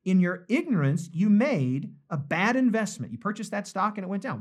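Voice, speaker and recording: A male pastor preaches in a relaxed, conversational way during a live-streamed devotional. His pitch swings widely, rising and falling for emphasis. He repeats key phrases to drive them home. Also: normal speed, few pauses.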